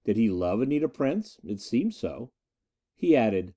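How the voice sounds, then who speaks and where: A male narrator reads a first-person adventure story with dramatic expression. His mellow, dark voice moves through a lively range as the tale unfolds. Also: medium pitch, unhurried. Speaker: audiobook narrator.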